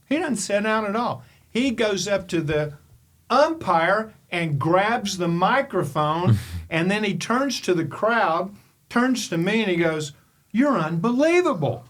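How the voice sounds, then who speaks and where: Older man, from Kentucky, podcast coach, animated storyteller, somewhat high-pitched. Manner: animated, emphatic storyteller with rhetorical questions. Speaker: podcast host and mental performance coach. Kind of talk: storytelling monologue.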